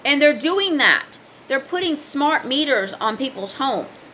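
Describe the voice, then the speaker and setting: A woman's voice: high voice, lively intonation, unhurried, pushed and bright, slight background noise. A woman in her fifties giving a blunt, emphatic motivational talk in a casual vlog. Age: 50s. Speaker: spiritual vlogger and card reader.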